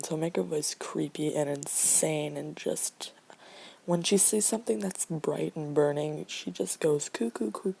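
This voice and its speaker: A woman with a low, gravelly voice casually explains a casting call to voice actors. She rambles, leans on fillers and often sinks into a near-whisper. Her tone is dark and mellow.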